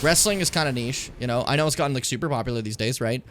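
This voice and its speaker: With a faint hiss or hum in the background, a medium-pitched man rattles along rapid-fire as he plays a video game on stream alongside a co-host. The chat is casual; he cracks jokes, curses, and breaks into goofy voices.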